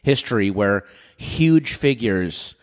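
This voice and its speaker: Low-voiced man, rambling storyteller. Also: animated. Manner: rambling storyteller, quick asides and impressions. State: dry throat, clearing it. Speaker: podcast guest. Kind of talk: casual chat.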